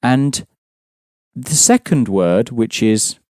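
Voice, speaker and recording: A man's voice: mid-range voice, expressive, takes it slowly, a little mellow, no echo, clean studio sound. A man teaching a language lesson, explaining patiently and prompting his students with questions.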